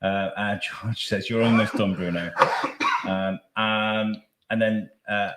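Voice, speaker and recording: A man's voice: fairly low pitch, flat delivery, slow pace, reverberant, very noisy. A man hosting a live charity podcast, emotional and rambling as he thanks people. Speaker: podcast host.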